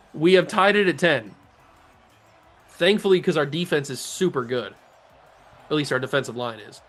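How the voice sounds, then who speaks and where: A man hosting a gaming channel, giving joking play-by-play commentary on his own video game, talking to himself and swinging between mutters and excited yells. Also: on the high side.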